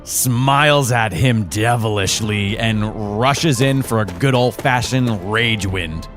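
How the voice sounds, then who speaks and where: A man taking part as a player in a tabletop game, talking in a casual, unhurried way. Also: on the low side, over music.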